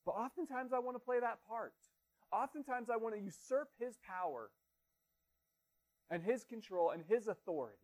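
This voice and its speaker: Preaching at a normal speed, this thirty-something pastor sounds animated yet earnest and plain, his voice notably high. Along the way he throws rhetorical questions at the congregation.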